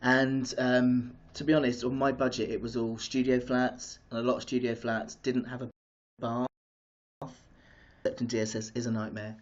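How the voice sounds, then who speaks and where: A man hosting a live stream, chatting excitedly with viewers and drifting off topic. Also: medium pitch, normal speed. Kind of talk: casual live-stream chat. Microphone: streaming device mic. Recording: dull lo-fi live-stream audio.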